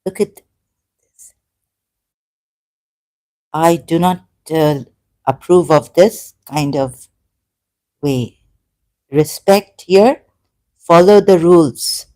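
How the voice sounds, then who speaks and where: A woman streamer talks through her chat, scolding and complaining in a halting way, full of "uh" and "um". Her voice sits a little low and has a mellow, warm tone. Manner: halting, many fillers, indignant. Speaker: YouTuber. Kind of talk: live-stream commentary reading chat.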